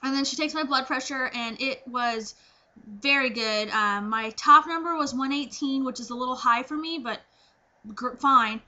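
A young pregnant woman chatting casually to her viewers, animated and full of fillers as she acts out her own reactions. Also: high-pitched, normal speed, lo-fi sound. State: heavily pregnant. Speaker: pregnancy vlogger. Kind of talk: casual chat to camera.

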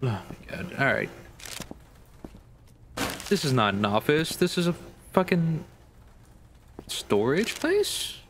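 A man's voice: medium pitch, sing-song, measured pace, long pauses, background noise. A man giving nervous, profanity-laden commentary while playing a horror game, talking to his viewers. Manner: nervous, jumpy, swears a lot. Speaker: gaming video creator.

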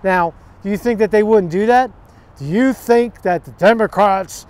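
A man's voice: sits high, moderate pace, darkish tone. A man ranting to camera outdoors on a city street, profane, sarcastic and combative. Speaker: vlogger. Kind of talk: angry political rant to camera.

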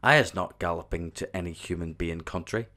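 A gentle, good-natured male giant answers calmly and politely, tangling his words as he goes, voiced by a man reading the story. The voice is deep and unhurried. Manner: polite, calm, muddled words.

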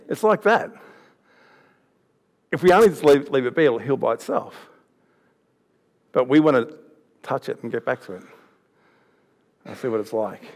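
Man, youth sermon, chatty storytelling, mid-pitched voice. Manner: chatty storytelling with laughs and restarts. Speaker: youth pastor. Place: church hall.

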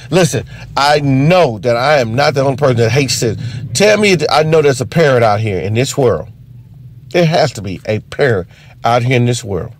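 A man doing an unscripted, profane comedy rant as a stand-up comedian. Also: medium pitch. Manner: profane, animated, ranting.

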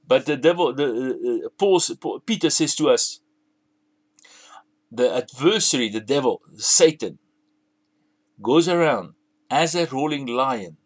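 A man's voice: mid-range voice, lively intonation, measured pace, long pauses. A man preaching a sermon, emphatic, repeating and restarting phrases as he builds his points.

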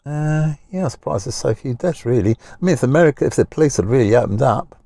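Grumbling man with a gravelly voice. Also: mid-range voice, lively intonation, fast, dark tone, no room sound, clean studio sound. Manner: rambling, grumbling, blunt. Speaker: vlogger. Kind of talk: casual talking-head rant. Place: inside a parked car.

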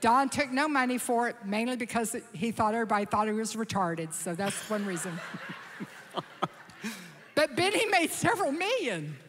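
A woman telling a lively story from the stage at a church conference, acting out the voices of the people in it. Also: on the high side, moderate pace. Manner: animated, acts out quoted voices. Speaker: conference speaker. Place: large church auditorium. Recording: reverberant hall sound.

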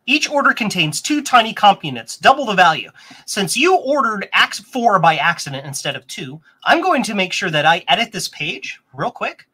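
A rambling, chatty man hosts a casual live stream with a bright, forward tone. He wanders between explanations and viewer comments, and now and then his pitch jumps up with excitement. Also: normal speed, husky. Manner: excitable, bursts into higher pitch. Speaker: host of a vintage computer stream.

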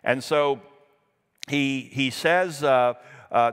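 A man's voice: mid-range voice, lively intonation, measured pace, a bit bright, long reverb tail. A man preaching a Sunday sermon as pastor, reading scripture aloud and stressing points with emphasis.

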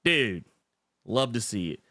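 A man's voice: mid-range voice, expressive, a little slow, a bit bright, no echo, studio quality. A man hosting a casual livestream, reading chat messages in a rambling, self-interrupting and emotional way. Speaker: podcast host reading live chat.

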